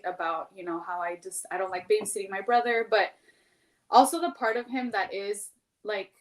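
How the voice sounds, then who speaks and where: A woman in her thirties in a casual podcast chat, talking candidly and at length, full of "like" and the odd swear word. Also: mid-range voice. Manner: candid, rambling, heavy use of "like", swears freely.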